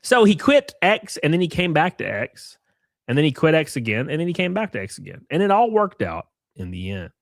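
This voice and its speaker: A man's voice: fairly high pitch, very animated, fairly quick, gravelly, no room sound, clean studio sound. A young man hosting a casual live stream, mocking and sarcastic, swearing freely and thanking viewers for gifted subs.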